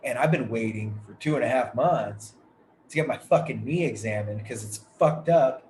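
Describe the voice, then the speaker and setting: A man's voice: mid-range voice, normal speed, darkish tone. Rambling, foul-mouthed man in an echoey room. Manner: rambling, heavily profane storytelling. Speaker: podcast host. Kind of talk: casual storytelling chat. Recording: echoey room with faint noise.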